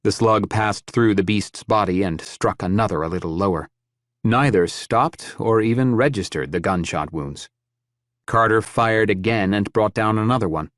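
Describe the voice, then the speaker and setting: In a close, dry recording with no room sound, a very deep-voiced man narrates an audiobook script. His reading is steady and measured.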